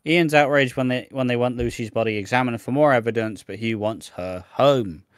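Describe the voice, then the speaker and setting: A man's voice: mid-range voice, a little fast, clear, resonant tone, no room sound, studio quality. A man co-hosting a podcast, chatting casually and recapping a soap in a sweary, exasperated, mocking way. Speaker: podcast co-host.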